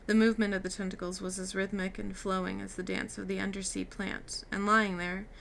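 A woman's voice: mid-range voice, little pitch movement, a little fast, vocal fry, a bit bright, a little hiss or hum. A woman reading a novel aloud, giving the characters' lines light shifts. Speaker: reader. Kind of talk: audiobook reading with character dialogue.

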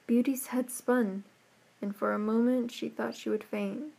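A slow, soft-spoken woman reading a fairy tale. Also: on the high side, fairly even intonation, vocal fry. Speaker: storyteller. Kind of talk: storybook read-aloud narration.

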